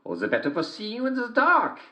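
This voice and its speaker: A man doing a shrill sly wolf. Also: huge pitch swings, fairly quick, sharp tone, heavily acted. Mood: wheedling. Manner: shrill wheedling falsetto. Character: sly wolf faking a grandmother's voice.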